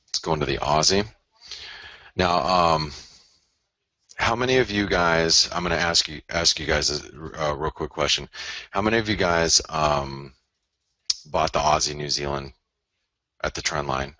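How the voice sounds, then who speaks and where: A forex webinar host with a very low, forceful and bright voice walks through live market charts in a loose, chatty way, constantly addressing his viewers. He's unhurried and pauses often, recorded close and dry with no echo or room sound.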